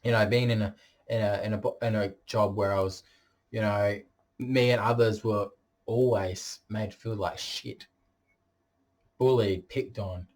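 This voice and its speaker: A man's voice: lowish voice, fairly even intonation, a little slow, a little mellow. Boastful, blunt man. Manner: boastful, blunt, swears freely. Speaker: vlogger. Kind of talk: direct-to-camera monologue.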